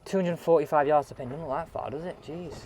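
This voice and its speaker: A man chatting excitedly as he reviews golf clubs outdoors on a course. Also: a little high, quick pace, noisy background. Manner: chatty, excitable, thinking aloud. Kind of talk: casual on-course commentary.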